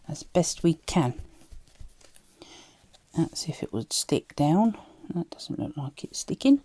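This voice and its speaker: A craft vlogger with a light Cockney-tinged London accent chats casually while she works on a project, muttering to herself and often dropping into a whisper. Her voice is fairly low, animated, slow and mellow, with slight background noise.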